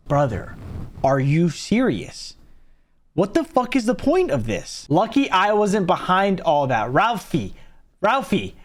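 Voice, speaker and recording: Young male storyteller, high, very lively voice, profane and animated. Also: normal speed. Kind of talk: casual storytelling vlog.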